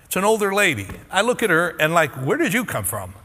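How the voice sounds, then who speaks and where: A man's voice: sits high, wildly swooping pitch, fairly quick, bright, forceful tone. A middle-aged male pastor preaching a sermon, telling a personal story and earnestly pleading with his congregation. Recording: long reverb of a large hall.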